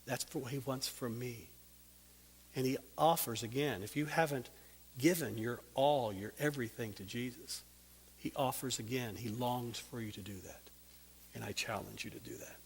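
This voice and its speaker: An earnest man preaching a sermon, stretching out key words and sinking soft and low as he makes his appeal. His voice sits in a middle pitch and rings with a long reverb, as if in a large hall. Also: moderate pace, slight background noise. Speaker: Bible teacher. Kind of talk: sermon with prayer.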